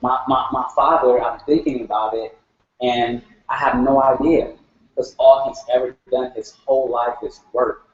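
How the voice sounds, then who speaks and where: A man's voice: medium pitch, lively intonation, moderate pace, vocal fry. A man talking earnestly in a group share, searching for words and repeating himself. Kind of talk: heartfelt group sharing. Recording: echoey room, dull sound.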